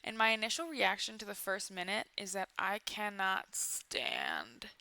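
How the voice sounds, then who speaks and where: Bright, sarcastic young woman commentator. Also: mid-range voice, huge pitch swings, a little slow, creaky, no room sound. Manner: sarcastic, playful asides. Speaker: YouTube commentary host. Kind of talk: casual comedic movie commentary.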